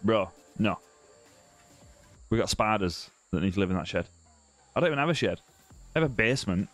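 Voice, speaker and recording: A southern English man in a home setup chats his way through a live gaming stream, reading comments aloud and joking with viewers. His voice sits low and easygoing, full of "mate" and "bro". Soft background music plays beneath him. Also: lively intonation, moderate pace, pauses often. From southern England. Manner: chatty and teasing, many "mate" and "bro" tags, restarts. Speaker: live-stream gamer host. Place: home room.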